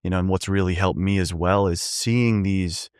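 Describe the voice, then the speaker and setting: A man with a very low voice hosts a podcast interview. He answers with short affirmations and thoughtful follow-ups. The sound is close and dry. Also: fairly even intonation, normal speed, a little mellow, clear, resonant tone, no room sound. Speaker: podcast host. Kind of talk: interview hosting.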